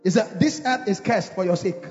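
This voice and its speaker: A man preaching a fervent sermon to his congregation in a church hall, shouting declarations and calling for responses. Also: high-pitched, normal speed, faint music behind. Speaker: pastor. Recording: echoey, slightly dull church hall recording.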